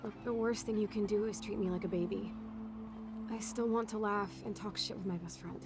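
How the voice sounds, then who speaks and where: A woman's voice: mid-range voice, steady tone, brisk, music in the background, close to an everyday voice. An actress voicing a blunt, wry young woman in a video game, talking in a frank, sardonic way. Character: blunt, wry young woman, teenage girl's best friend.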